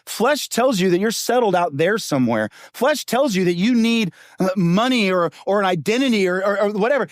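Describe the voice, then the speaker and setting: A middle-aged male pastor preaching a sermon in a punchy, conversational way, full of rhetorical questions and quick asides. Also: high voice, expressive, no room sound, clean studio sound. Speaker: lead pastor.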